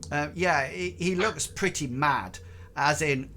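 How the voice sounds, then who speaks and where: A man narrating a tabletop game as game master, halting and full of ums. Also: fairly high pitch, very noisy. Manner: hesitant, many ums and restarts.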